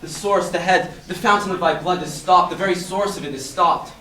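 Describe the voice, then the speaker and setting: A man's voice: sits high, steady tone, fairly quick, bright, forceful tone. Teen boy reciting Shakespeare evenly. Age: teens. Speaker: student actor as Macbeth. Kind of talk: student stage performance. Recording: echoey room, distant mic.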